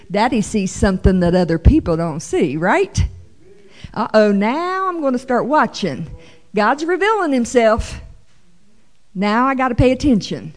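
A woman teaching the Bible to her congregation, reading scripture with slow emphasis and adding playful, animated asides. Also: medium pitch. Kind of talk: sermon-style Bible teaching.

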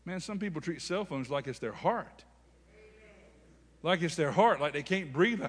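Male pastor, high bright voice, church hall reverb. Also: lively intonation, normal speed, long pauses, slightly rough. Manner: preaching with call-and-response. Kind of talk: sermon.

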